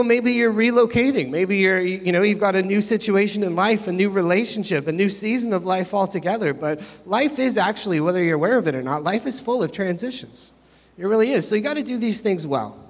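A middle-aged pastor delivers a rambling sermon full of self-mocking jokes. His voice sits high for a man, and it rings out through the long reverb of a church hall.

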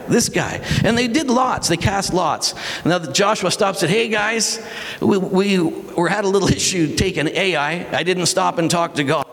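A man preaching a sermon, animated and dramatic, acting out quotes and shouting at times. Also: fairly high pitch, in a large hall. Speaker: pastor.

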